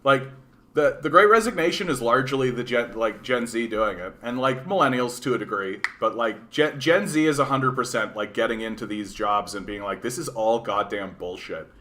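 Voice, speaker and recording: A man's voice: mid-range voice, animated, moderate pace, pushed and bright. A man hosting a political livestream, ranting bluntly with lots of swearing, "like" and "right?" while answering chat. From Canada.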